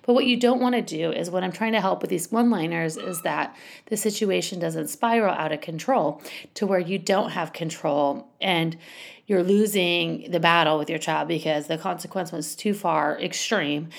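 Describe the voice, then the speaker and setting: A woman's voice: fairly low pitch, normal speed, creaky. A woman giving casual parenting advice in a chatty, rambling way, full of asides and restarts. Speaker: parenting coach.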